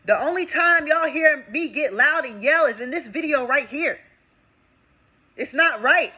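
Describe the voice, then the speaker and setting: A young woman and veteran, ranting with indignation in a vlog, swinging between loud outbursts and low mutters. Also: rough recording. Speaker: veteran vlogger. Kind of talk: impassioned vlog rant.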